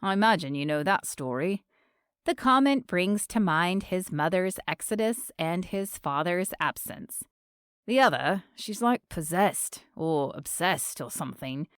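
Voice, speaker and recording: A woman's voice: lowish voice, animated, unhurried, smooth, no echo, studio quality. A woman doing a gossipy male friend. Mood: confiding.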